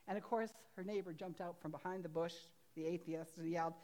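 A woman's voice: lowish voice, animated, moderate pace, few pauses, darkish tone. A woman pastor preaching a sermon in a homely, chatty way, laughing at herself now and then. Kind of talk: sermon with storytelling.

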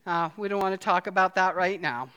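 A woman doing a stern, hushed father. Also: on the low side, a little fast, clean tone, highs cut off, close to an everyday voice. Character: squeamish father at the dinner table.

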